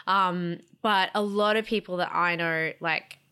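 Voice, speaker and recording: A woman's voice: lowish voice, fairly even intonation, measured pace, sharp tone, clean tone. A young Australian woman co-hosting a podcast, chatting in an easygoing way. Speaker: podcast co-host. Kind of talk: casual chat.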